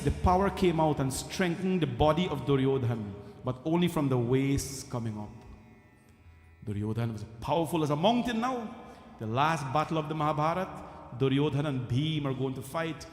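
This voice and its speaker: Male temple storyteller, animated sermon, high voice, long hall reverb. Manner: animated, acts out dialogue, asides to audience.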